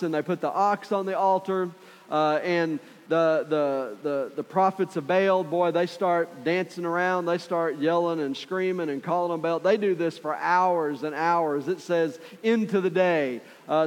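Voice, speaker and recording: A man preaching a sermon in a conversational, storytelling way. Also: a little high. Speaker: pastor. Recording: long hall reverb.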